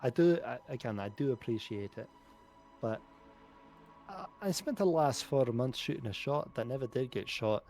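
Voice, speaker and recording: A man's voice: medium pitch, animated, normal speed, a little mellow, faint music behind, lightly acted. A man voicing an awkward, shy male dwarf sailor who talks hesitantly and stammers. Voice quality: hesitant, stammering, clears throat.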